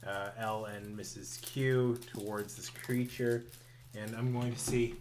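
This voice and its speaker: A man playing a tabletop game, describing his character's actions in a relaxed, hesitant way. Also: on the low side, unhurried. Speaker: player. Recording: background noise.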